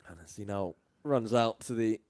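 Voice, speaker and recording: A man from England doing live ball-by-ball cricket commentary, chatty and quick to laugh between deliveries. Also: on the low side, a little mellow, no room sound.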